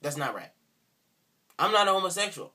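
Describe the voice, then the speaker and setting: A man's voice: sits high, big pitch swings, a little fast, pushed and bright. A man speaking in an indignant, sarcastic rant for a response video, repeating himself for emphasis. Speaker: video commentator.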